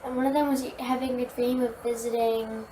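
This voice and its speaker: A woman playing young Joseph as a hesitant prisoner who gives halting answers in a church skit. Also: a little high, little pitch movement, dark tone, lightly acted. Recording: roomy with faint noise.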